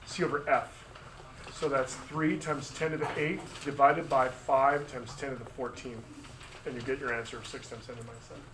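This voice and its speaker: Man, physics teacher, bright voice, slightly high, brisk classroom talk, faint room noise. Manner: brisk, conversational, joking asides. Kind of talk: classroom review lesson.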